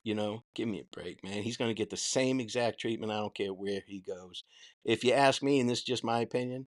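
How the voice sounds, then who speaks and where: A man's voice: lowish voice, a little fast. Blunt, profane man with a Boston accent. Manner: answers chat questions. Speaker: host. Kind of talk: casual live-stream commentary.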